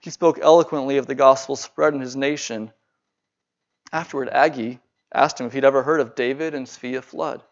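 A man's voice: medium pitch, steady tone, normal speed, muffled recording. A man preaching, telling a sermon story earnestly and stumbling over repeated words when he speaks freely.

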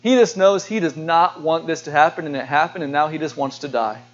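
A man's voice: a little high, a little fast. A man preaching a sermon to his church. He speaks earnestly, poses questions to the congregation and often repeats words. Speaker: pastor. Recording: dull lo-fi sermon recording.

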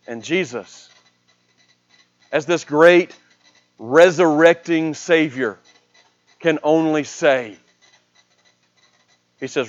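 A man preaching a sermon, retelling a scripture story with dramatic swings between a raised voice and a hushed one. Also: fairly high pitch, extremely slow, pauses often, highs cut off.

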